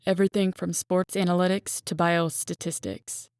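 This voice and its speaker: A woman's voice: fairly low pitch, level tone, moderate pace, a little mellow, clear, resonant tone, dry recording, studio quality, natural voice. A woman voicing a kind, distinguished male statistics professor who lectures in an easygoing way. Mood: friendly.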